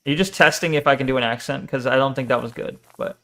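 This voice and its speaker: A man's voice: medium pitch, fast talker, fairly bright tone. A man casually chatting and joking while streaming a game, reading chat aloud and swearing now and then. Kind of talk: casual live game commentary.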